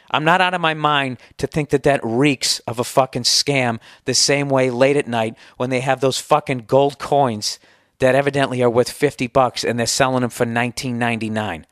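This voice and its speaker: A man's voice: mid-range voice, a bit bright, no echo, clean studio sound. A man hosting a solo podcast, answering listener email in a heated, sarcastic, profane rant. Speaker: podcast host.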